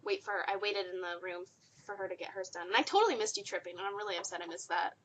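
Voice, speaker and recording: A woman's voice: medium pitch, fast, a bit bright, a little hiss or hum. A young woman co-hosting a podcast, chatting casually with friends and telling a convention story with lots of laughter. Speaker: podcast co-host. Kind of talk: casual group chat.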